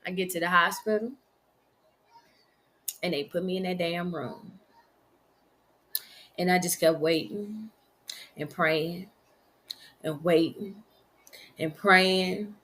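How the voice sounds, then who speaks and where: A middle-aged woman, telling the story of losing her son in slow, halting, emotional speech. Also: lowish voice, fairly bright tone. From Virginia. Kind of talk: personal testimony.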